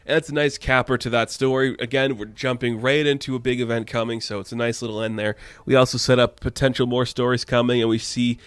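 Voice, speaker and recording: A man's voice: medium pitch, little pitch movement, fast talker, hardly any pauses, clear, resonant tone, dry recording. A man recapping and reviewing a comic book issue in a loose, rambling way, full of "like" fillers. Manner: rambling, heavy use of "like" fillers.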